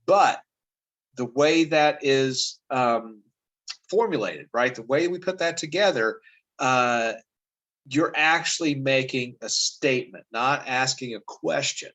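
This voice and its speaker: A man's voice: fairly high pitch, lively intonation, slow pace, a bit bright, low-quality recording. Chatty male teacher with lots of fillers. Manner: conversational, many fillers and "right?" checks. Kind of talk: casual classroom teaching over a lesson video.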